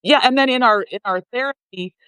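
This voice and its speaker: Middle-aged woman, loud and passionate, rambling casual chat, dry close sound. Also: on the high side, fairly quick, smooth, dry recording, poor audio. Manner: rambling, many fillers and restarts. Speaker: flight attendant sharing her story.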